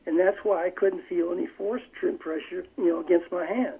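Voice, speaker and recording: An older man tells a story over a tinny phone line, his voice high for a man and rough with gravel. He talks in a measured way and often restarts his sentences as he goes. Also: steady tone. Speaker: phone-in guest. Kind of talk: recounting a war memory in an interview. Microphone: telephone.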